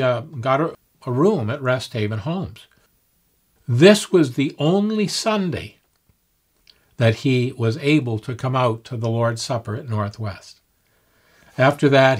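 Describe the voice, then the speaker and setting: An older man tells a story at a fireside gathering, unhurried and reflective. He pauses often with small fillers as he goes. His voice sits in a plain middle pitch.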